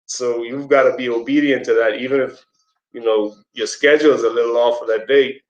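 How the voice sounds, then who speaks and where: At a community presentation, a man tells a story in a loose, conversational teaching style full of fillers and asides, now and then doing quoted voices in a squeaky high pitch. His tone stays steady and his pace is brisk. The recording has a roomy echo and the highs are cut off.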